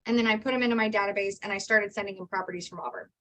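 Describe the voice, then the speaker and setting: A woman real estate agent telling lively stories and acting out her conversations in a training session. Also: medium pitch, rapid-fire. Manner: animated storyteller, acts out dialogue.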